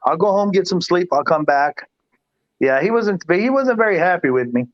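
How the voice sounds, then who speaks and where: A man's voice: sits high, lively intonation, moderate pace, dry recording, muffled recording. A man, a guest pool player, telling a long story in casual chat, rambling and repeating himself with laughs.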